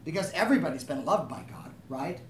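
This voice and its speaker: A man's voice: on the high side, animated, fast talker, a bit bright, slight background noise. A man preaching a sermon, talking conversationally and asking the room to agree with him. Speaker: pastor. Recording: echoey room, voice from a distance.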